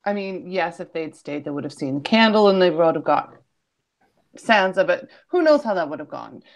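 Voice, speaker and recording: A woman's voice: fairly low pitch, lively intonation, creaky. A woman in a casual fan discussion of a TV episode, eager, laughing easily and jumping in to add her view. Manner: eager, quick to laugh and interject.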